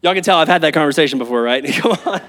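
This is a sermon from a thirty-something pastor speaking to his church audience, animated and chatty as he calls out to them. He pitches his voice on the high side and speaks in rapid-fire bursts.

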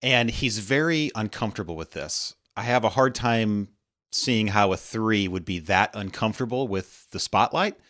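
A man's voice: lowish voice, lively intonation, moderate pace, a bit bright. A man speaking as a podcast guest, agreeing with the others and describing scenes in detail. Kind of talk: conversational podcast discussion.

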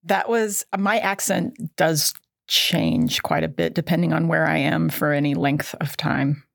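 A woman's voice: low voice, expressive, unhurried, gravelly, no room sound, studio quality. A middle-aged woman co-hosting an educational podcast, chatty and self-deprecating, laughing at herself often. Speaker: podcast co-host. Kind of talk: casual educational podcast chat.

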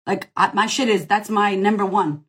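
Husky-voiced, blunt, swearing woman coach. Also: mid-range voice, normal speed, a bit bright. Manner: blunt, profane and emphatic; direct, rallying the listener. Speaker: business coach. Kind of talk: casual live Q&A.

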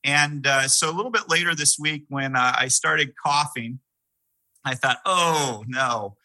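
Earnest middle-aged male pastor, bright and dry. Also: mid-range voice, a little slow, no echo, low-quality recording. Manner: earnest, conversational, with many fillers and restarts. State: sick with a mild cough. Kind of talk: sermon.

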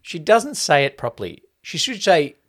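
A man's voice: a little high, very animated, normal speed, fairly bright tone. A man co-hosting a casual movie review podcast, dissecting scenes and parodying line readings with exaggerated emphasis. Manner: mimics lines with exaggerated emphasis. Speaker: podcast co-host.

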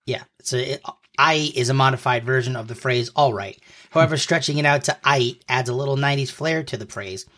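A man's voice: medium pitch, fairly quick, bright, forceful tone. A man in his thirties co-hosting a casual podcast, explaining slang in a playful mock-lesson way, close to the mic. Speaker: podcast co-host quizzing his partner.

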